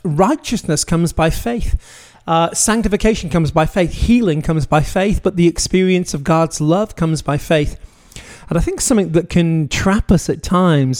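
A man giving sermon-style teaching from his home office, earnest and emphatic, slowing down on key phrases. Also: a little high, a little mellow. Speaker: pastor.

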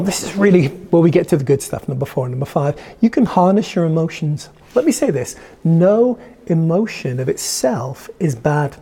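A man's voice: fairly high pitch, mellow. A man preaching a sermon as a pastor, in an earnest, conversational way with frequent restarts.

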